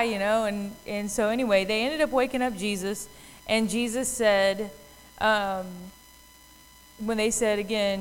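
A woman's voice: a little high, measured pace, long reverb tail, poor audio. A woman giving a casual Bible talk, telling the story in a chatty way with many fillers and acting out the voices of the people in it. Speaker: Bible teacher.

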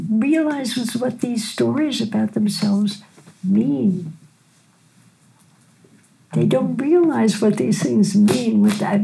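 Older woman with a gravelly, mellow voice. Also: fairly high pitch, a little hiss or hum, rough recording. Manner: gentle unhurried storyteller, frequent "right?". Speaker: physician and teacher. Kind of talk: storytelling in a conversation.

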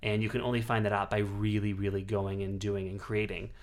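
A man's voice: fairly low pitch, little pitch movement, brisk. A man talking as a guest critic, reviewing a film in enthusiastic, rambling casual chat with many restarts.

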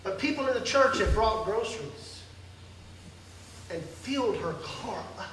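A man preaching an emotional sermon, swinging between loud calls and soft pleading, recorded from afar in a large church hall. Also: sits high, lively intonation, measured pace, slight background noise. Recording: echoey hall from far off.

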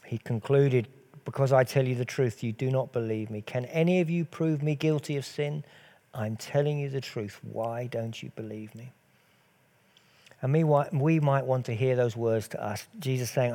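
A man's voice: mid-range voice, normal speed, dark tone. A man preaching a sermon earnestly, asking rhetorical questions and letting his voice swell and drop.

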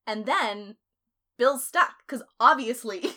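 Woman, podcast host, bright tone, chatty, blunt, filler-heavy storytelling. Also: on the high side, slow. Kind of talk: casual storytelling chat.

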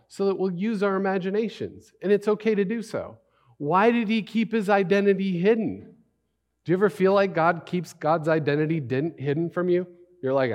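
A man's voice: high voice, a little mellow. A man preaching a sermon as a pastor, in a conversational way with many rhetorical questions and repeated phrases.

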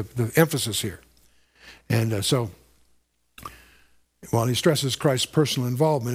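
A man preaching a verse-by-verse sermon in an earnest, explanatory way. His voice sits a little higher than most men's. He stops to ask his listeners questions and often restarts a phrase. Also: husky. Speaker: Bible teacher.

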